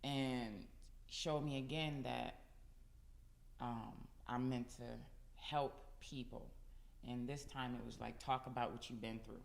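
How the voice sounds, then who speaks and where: A woman's voice: very deep voice, fairly even intonation, takes it slowly, creaky. A woman giving an earnest, reflective personal testimony in casual chat. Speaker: podcast guest. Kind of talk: casual chat among women.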